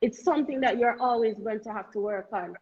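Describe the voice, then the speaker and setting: A woman's voice: fairly high pitch, a little fast, a little mellow, highs cut off. A woman with a Jamaican accent, a guest talking candidly and earnestly, often stumbling and repeating words as she makes her point. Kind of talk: candid conversational talk.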